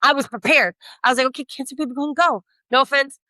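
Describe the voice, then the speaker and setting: Podcast co-host, woman, bright higher voice, swears freely, animated storyteller, dry close mic. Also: fast, no echo. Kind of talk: casual chat.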